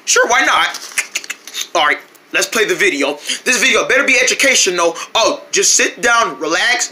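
A channel host playing several characters in a silly kids' skit, switching between goofy voices and bursting into shouts and squeals. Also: medium pitch, animated, a little fast, a little hiss or hum.

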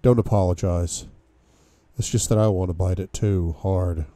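A man reads a novel aloud in a deep, very dark and mellow voice, lending the first-person lines dramatic bursts of force. The recording is dry and close, with no room sound. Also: steady tone, normal speed, dry recording. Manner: dramatic first-person reading with sudden outbursts. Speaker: book club reader.

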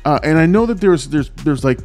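A man hosts his movie reaction channel in an energetic, chatty way. His voice sits a bit high and jumps around a lot in pitch. Soft music plays faintly underneath. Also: a little fast. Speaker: host.

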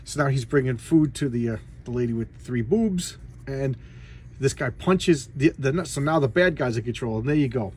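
A man's voice: mid-range voice, normal speed, darkish tone, a little hiss or hum. A man casually retelling a comic book story in a vlog, rambling with many fillers and restarts. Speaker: comic book collector vlogger.

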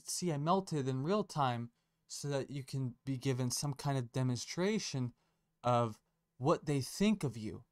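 A man's voice: medium pitch, animated, unhurried. A man giving a casual commentary rant, sarcastic and profane, rambling and correcting himself as he goes. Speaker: online commentator.

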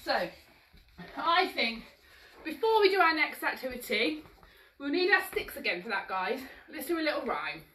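Woman, very high lively voice, roomy echo, off-mic, upbeat kids' exercise instructor. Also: normal speed, far from the mic. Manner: upbeat, sing-song and encouraging, coaxing little ones along; moving and exercising while talking, a bit out of breath. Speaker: children's exercise class instructor. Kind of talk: live-streamed toddler action-song class.

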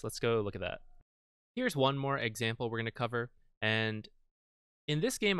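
A man's voice: mid-range voice, bright, forceful tone, clear, resonant tone, no room sound. A man talking casually through recorded matches as a guide creator, explaining team fights with frequent fillers. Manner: conversational, many fillers. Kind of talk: casual gameplay analysis.

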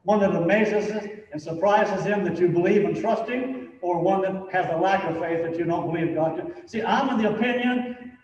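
A man's voice: high-pitched, moderate pace, a little mellow, a little hiss or hum. A man preaching a sermon as pastor, talking in a conversational way with many "you know"s and building to emphatic points. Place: church sanctuary. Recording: echoey church hall from far off, dull sound.

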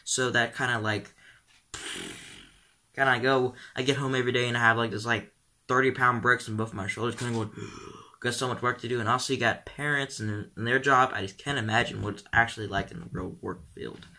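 A teenage boy chatting casually on his vlog, rambling along with lots of ums and likes. His voice sits at a middle pitch and sounds very bright. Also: steady tone, fairly quick, gravelly. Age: teens. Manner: rambling, full of "um" and "like". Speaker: vlogger.

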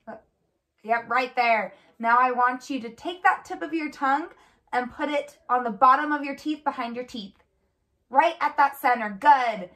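A woman with a somewhat high voice walks through a speech therapy demonstration. She gives patient, clear step-by-step prompts and praises often. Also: fairly bright tone. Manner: encouraging with frequent praise. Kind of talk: instructional demonstration.

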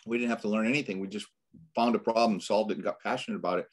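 A man's voice: lowish voice, steady tone, rapid-fire. A middle-aged man with a Boston accent, a financial coach guest on a podcast, speaking in an earnest, motivational way with frequent restarts. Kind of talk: casual podcast interview.

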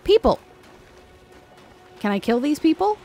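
A young woman narrating her first run through a game, with a lively voice that climbs high when she panics. She talks in a playful, chatty way and yelps whenever an enemy catches her off guard. Faint music plays underneath. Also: a little slow. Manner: excitable, shrieks and panics during fights. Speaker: gaming streamer. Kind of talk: let's play commentary.

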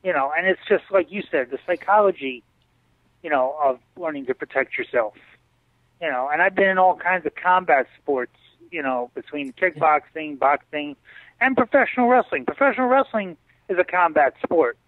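Male guest, animated storyteller, slightly high voice, dry phone-like call audio. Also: normal speed, dry recording. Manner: animated storyteller, acts out others' lines. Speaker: interview guest. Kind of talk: storytelling in a casual interview. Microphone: video call.

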